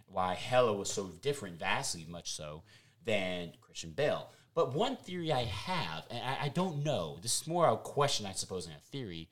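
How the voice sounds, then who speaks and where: A man's voice: on the low side, sing-song, moderate pace, a bit bright. A man co-hosting a casual movie review podcast, talking animatedly and swearing freely. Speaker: podcast co-host.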